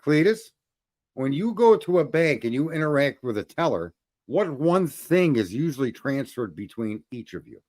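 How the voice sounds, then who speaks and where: A man's voice: mid-range voice, very animated, normal speed, darkish tone. A man hosting a show, telling a profane story in a blunt, ranting way, often restarting his sentences and calling out to his listeners. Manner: repeats words when starting sentences. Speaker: host.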